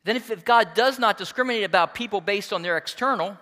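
A man preaching a sermon, reading scripture aloud and explaining it with emphatic, expressive delivery. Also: high voice, fast, long reverb tail. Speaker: pastor.

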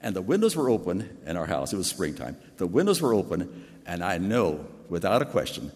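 Older male preacher, big deep voice, earnest storytelling sermon, reverberant hall. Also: big pitch swings, a little fast, a little mellow. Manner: earnest, personal storytelling with restarts.

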